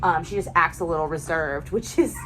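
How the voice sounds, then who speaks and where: A young woman dog trainer, explaining her session in a calm, soft-spoken way between gentle praise for the dogs. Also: sits low, brisk, a little hiss or hum, low-quality recording.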